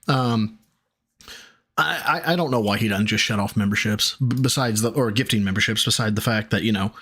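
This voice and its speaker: A man streaming, pausing a clip to talk back at it in exasperated, profane casual commentary. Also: on the low side, a bit bright, breathy edge. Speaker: streamer reacting to a video.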